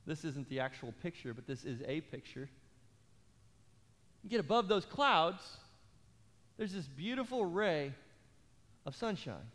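A pastor preaching a sermon, telling a comic story with acted-out voices before turning calm and earnest. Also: male voice, fairly high pitch, measured pace, long pauses. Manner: animated storyteller, acts out voices, later calm and earnest in prayer. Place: large church auditorium. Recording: live church hall reverb with faint music.

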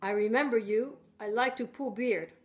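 Woman playing a kindly old holy man, slow, simple clipped phrasing. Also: on the high side, dull audio, lightly acted. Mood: gentle. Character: elderly male spiritual leader, gentle and playful.

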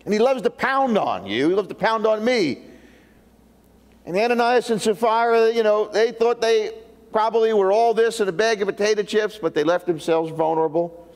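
A man preaching a sermon to his church, swinging from emphatic outbursts to low, quiet asides. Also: moderate pace. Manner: animated, rising to emphatic peaks and dropping low for asides. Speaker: pastor. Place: church sanctuary. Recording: long church hall reverb.

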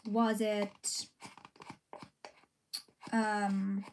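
A young woman streamer chats casually on a livestream while eating ice cream, reading comments and replying in a rambling, giggly, self-deprecating way. Her mid-range voice holds a level tone and moves extremely slowly, with slight background noise.

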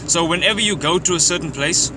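A man's voice: on the high side, fast. Young man, slangy and cursing, chatting from his car, road noise behind. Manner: loose, profane, slangy, laughs often. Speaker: vlogger giving social advice. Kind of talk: casual chat. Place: in a car, driving outdoors. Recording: noisy car interior. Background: car and street noise.

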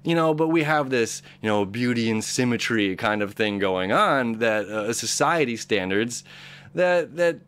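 Male host, young adult, mid-pitched, casual rambling astrology chat with many fillers. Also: lively intonation, measured pace, fairly bright tone, clean tone. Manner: rambling, upbeat, many fillers and acted-out inner voices. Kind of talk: casual spoken astrology reading.

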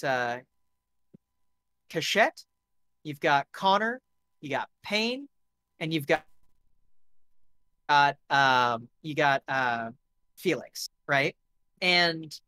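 A man narrates a live tabletop game as game master in a casual, loose way, correcting himself as he goes. His voice is a little high and bright, and the close mic leaves it dry. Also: clean tone, dry recording.

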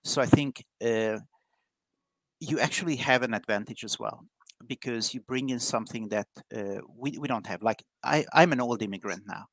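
A man's voice: mid-range voice, moderate pace, dry recording, poor audio. Man, dry close sound. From Hungary. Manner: repetitive restarts, chatty and candid. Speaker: guest, IT professional. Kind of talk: live interview.

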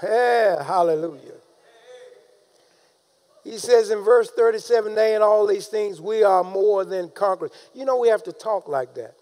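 A man preaching a sermon, calling out to the congregation and rising into shouted emphasis. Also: sits high, moderate pace. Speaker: pastor.

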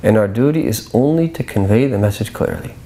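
A middle-aged man giving a patient lecture on scripture, explaining points step by step and reciting verses quickly in a chanting tone. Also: fairly low pitch, animated, dark tone. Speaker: religious teacher.

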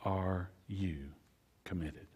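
A man delivers a sermon in a husky, slightly low voice. He leans on repetition, building phrases up loudly and then letting them fall to a near hush. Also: steady tone, extremely slow. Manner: preacher cadence, repetitive, swings from loud to hushed. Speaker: pastor.

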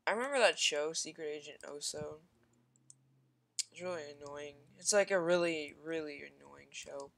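A gamer giving casual commentary over their own shooter gameplay, thinking aloud, mocking their own play and repeating quick exclamations between fillers. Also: mid-range voice, creaky, fairly bright tone, a little hiss or hum.

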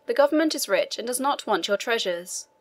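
A woman's voice: a little high, animated, brisk. A woman voicing an impatient male prison inspector who answers in a dry, matter-of-fact way.

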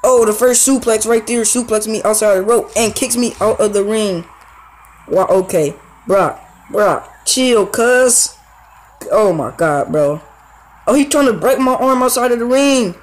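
At a normal pace, a young man with a high voice, a YouTuber who does gaming content, breaks down his own wrestling game match in slangy, casual terms. The play-by-play is excitable and filler-heavy, and the audio is poor.

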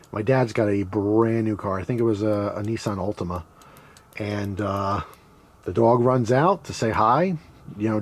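Husky-voiced man telling a story. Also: mid-range voice, a little mellow. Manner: rambling, laughs while telling, acts out quoted voices. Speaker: knife channel host. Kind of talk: casual storytelling.

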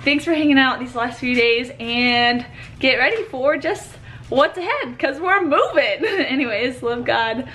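A young woman chatting to camera for her travel vlog, bubbly and quick to laugh, filming from a car. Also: high voice, lively intonation, fairly bright tone, breathy edge. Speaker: vlogger. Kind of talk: casual travel vlog chat. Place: in a car and outdoors at night.

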